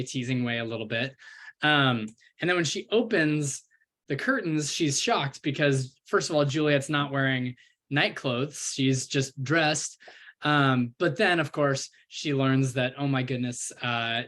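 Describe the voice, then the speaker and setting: A man explaining a play to students in a relaxed, chatty way. He uses lots of fillers as he walks through each scene, in a voice of middle pitch. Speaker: teacher.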